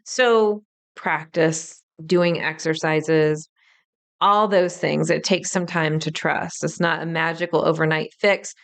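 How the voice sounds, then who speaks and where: A woman's voice: on the low side, steady tone, unhurried, smooth. A woman in her thirties hosting a solo podcast, explaining things in an upbeat way. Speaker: podcast host.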